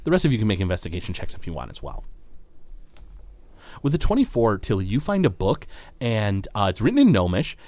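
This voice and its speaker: A man's voice: fairly low pitch, huge pitch swings, brisk, pauses often, darkish tone, no echo. A man running a tabletop game as game master, narrating scenes with many filler words. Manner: rambling, full of filler words.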